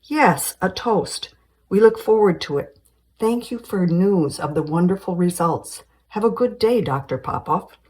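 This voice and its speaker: A woman reading the lines of a playful, skeptical woman doctor in her forties, in a husky voice. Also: lowish voice, lively intonation, unhurried, darkish tone. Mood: formal. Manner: teasing, skeptical.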